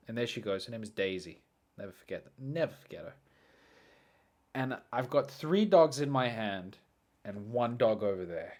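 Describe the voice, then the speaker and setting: A man hosting a podcast who tells a story casually and animatedly, jumping from loud excited bursts to quiet muttering. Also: medium pitch, normal speed. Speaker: podcast host.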